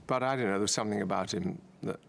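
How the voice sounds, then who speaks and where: An older man in a documentary interview, fondly recalling an old friend in a halting way, laughing now and then. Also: fairly low pitch, vocal fry. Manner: halting, fond, laughs often.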